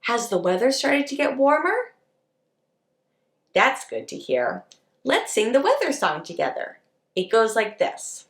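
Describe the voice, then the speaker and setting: A woman leading a preschool circle time lesson, talking to young children in a slow, sing-song, encouraging way. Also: high voice, sing-song, roomy sound. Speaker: preschool teacher.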